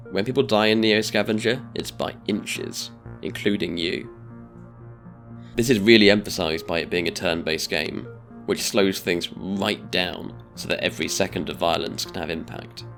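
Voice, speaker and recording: A man giving a scripted video-essay narration in a measured, deliberate way. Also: sits low, vocal fry.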